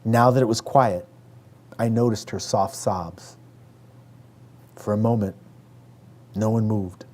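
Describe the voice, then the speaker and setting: A man from Western New York reading aloud from his own memoir in a measured way, raising his voice for the family members he quotes. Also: lowish voice, steady tone, a little mellow.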